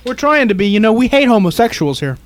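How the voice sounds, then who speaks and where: A man co-hosting a late-night radio talk show, high in pitch. He talks fast and takes callers with provocative, wisecracking remarks. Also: sing-song. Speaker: radio talk show co-host taking calls.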